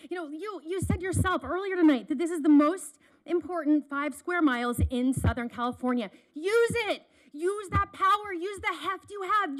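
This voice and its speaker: A woman with a very high voice speaks at a council meeting podium. She pleads urgently and repeats her key phrases for emphasis. Her delivery is earnest and pressing. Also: rough recording. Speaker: public commenter. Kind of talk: public comment at a council meeting. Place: city council chamber.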